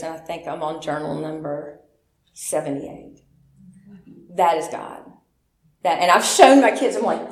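Middle-aged woman, lowish voice, lively testimony delivery, roomy echo, faint hiss. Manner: animated storyteller who acts out quotes and laughs often. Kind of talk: personal testimony.

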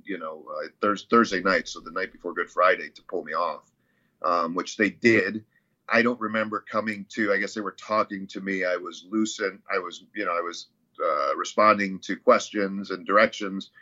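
A man's voice: sits low, sharp tone. A man recounting a hospital stay in a casual, rambling way, with many fillers and restarts. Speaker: interview guest, CrossFit athlete. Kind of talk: casual storytelling. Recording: muffled lo-fi audio.

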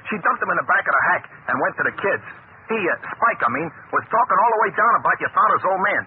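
An actor playing an excitable, slangy male cab driver who repeats himself, in a 1930s radio drama. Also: sits high, quick pace. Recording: tinny hissy 1930s radio broadcast.

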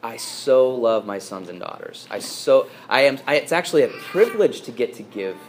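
A man's voice: mid-range voice, expressive, moderate pace, a little hiss or hum. A priest delivering a sermon to his congregation, earnest and emphatic, with frequent fillers and restarts.

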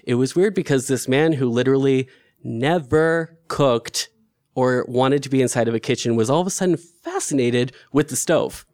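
A man's voice: medium pitch, normal speed, darkish tone, no echo. A man telling a personal story in a candid, conversational way, with filler words and restarts.

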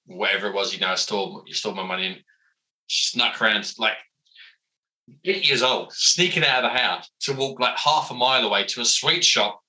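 A man, a comic book writer telling animated, self-mocking stories as an interview guest, full of fillers. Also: fairly low pitch, normal speed, poor audio. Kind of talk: casual interview storytelling.

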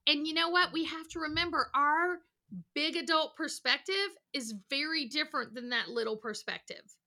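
This is a middle-aged woman, a counselor appearing on a podcast, with a high-pitched voice at normal speed. She animates her stories energetically by performing small voices.

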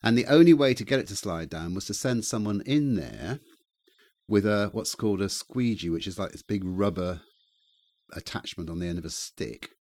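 Male co-host, low voice, dry close sound, self-deprecating anecdotes. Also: animated, moderate pace, darkish tone, no echo. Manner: rambling, self-deprecating storytelling. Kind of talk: casual chat.

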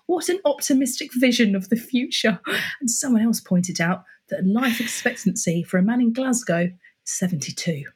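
A woman's voice: fairly high pitch, expressive, moderate pace, a little mellow, slightly rough, poor audio. A middle-aged woman from Britain co-hosting a casual podcast, wry and sardonic, reading out posts. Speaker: podcast co-host. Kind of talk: casual chat.

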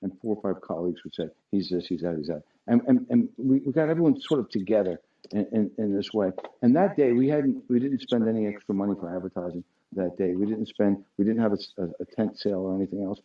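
A man's voice: fairly low pitch, fast, breathy edge, muffled recording. A middle-aged man, a dealership owner, telling an anecdote to his staff with many restarts and fillers.

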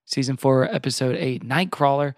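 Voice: mid-range voice, moderate pace, a little mellow, no room sound, clean studio sound. A podcast host in casual chat, recapping an episode with frequent laughs. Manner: chatty, laughing while recapping.

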